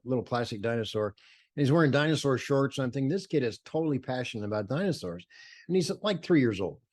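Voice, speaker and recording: An older man, a photographer, telling stories in an interview with enthusiasm, acting out the voices of people he quotes. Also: mid-range voice. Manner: enthusiastic, acts out quoted voices, many fillers and restarts. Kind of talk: animated storytelling in conversation.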